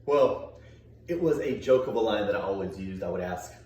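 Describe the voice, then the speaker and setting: A man co-hosting a casual family vlog, easygoing and chuckling, with halting fillers. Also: fairly low pitch, animated, darkish tone. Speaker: vlog co-host. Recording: echoey room, mic far off.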